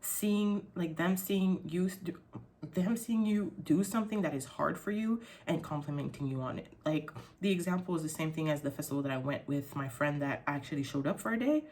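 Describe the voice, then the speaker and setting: Young woman yapping to camera, lowish voice, cussing a lot, rambly and excitable. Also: a little fast. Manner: rambling, swears freely, leaps up in pitch when excited. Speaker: vlogger. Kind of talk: casual chat to camera.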